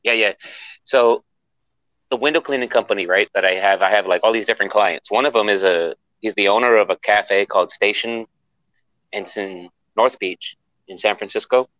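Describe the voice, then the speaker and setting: A man's voice: fairly low pitch, normal speed, no echo. A man hosting a casual voice chat, joking and quizzing the other callers. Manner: joking, lively questioner. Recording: dull, dry mic sound.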